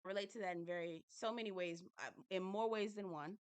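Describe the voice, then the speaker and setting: A woman's voice: mid-range voice, a little fast, clean tone, no room sound. A woman recapping a reality show in a casual, candid and chatty way, swearing now and then.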